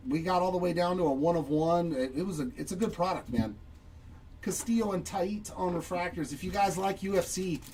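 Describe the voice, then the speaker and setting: A man's voice: high voice, distant mic, slight background noise, low-quality recording. A man hosting a live trading card break, chatting upbeat and reacting to each pull while answering viewers.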